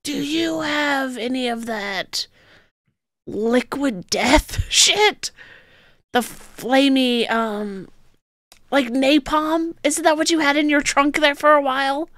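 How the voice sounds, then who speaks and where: High-voiced woman chatting at a game table. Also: takes it slowly, fairly bright tone, no echo, studio quality. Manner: laughs often, restarts sentences. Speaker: player. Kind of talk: casual chat in a tabletop game.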